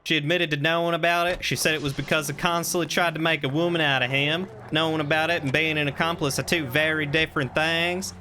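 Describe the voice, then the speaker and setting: A man's voice: fairly high pitch, fairly even intonation, quick pace, hardly any pauses, pushed and bright. A man streaming a detective game, chatting casually and joking in a mock southern drawl. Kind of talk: casual gameplay commentary.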